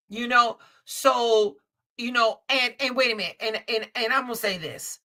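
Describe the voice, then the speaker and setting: A woman's voice: fairly high pitch, moderate pace, sharp tone. A woman hosting a live tarot stream, talking bluntly and emphatically, with frequent swearing and repeated phrases. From Chicago. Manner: blunt, profane, emphatic storytelling. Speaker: host, tarot reader. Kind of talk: casual live-stream chat.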